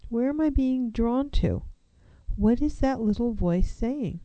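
A woman's voice: on the high side, animated, slow, warm tone, dry recording, highs cut off. A woman counselor giving an earnest, reflective self-help talk, posing one rhetorical question after another.

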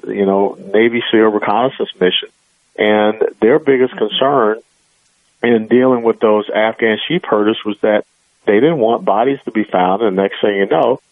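A man's voice: on the low side, dry recording. A man as a radio interview guest, talking in an emphatic, earnest way over a phone line.

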